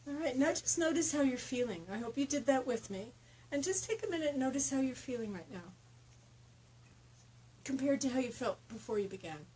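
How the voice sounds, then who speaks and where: Brief: woman, fairly high voice, energy healing teacher guiding a tapping exercise, faint hiss behind. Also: rough recording. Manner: slow repeated affirmations, then relaxed explaining.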